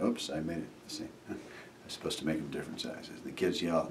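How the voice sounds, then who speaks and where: A man, a magician, casually explaining a trick step by step while showing it, and now and then acting out what the kids shout back. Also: extremely low pitch, fast talker, far from the mic, a little hiss or hum. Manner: relaxed, acts out the kids' replies while demonstrating.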